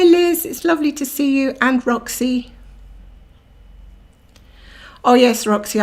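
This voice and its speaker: Low, gravelly-voiced woman streaming. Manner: rambling, chatty, laughs often. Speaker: cross-stitch livestream host. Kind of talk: casual chat while stitching, reading viewer comments.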